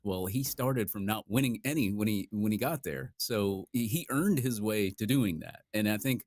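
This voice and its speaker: A man co-hosting a casual sports talk show, talking quickly with hesitant starts. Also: on the low side, lively intonation, no echo. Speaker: sports podcast co-host.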